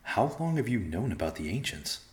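An earnest, hesitant young man raised among bears, as a man reads him in a storybook. The voice is very low and sounds echoey, as if in a bare room. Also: big pitch swings, normal speed. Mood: thoughtful.

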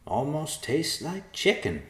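A man voicing a frail, fatherly old man who speaks calmly and soothingly. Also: on the high side, slow pace, echoey room, voice pushed up, exaggerated voice. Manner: calm, soothing.

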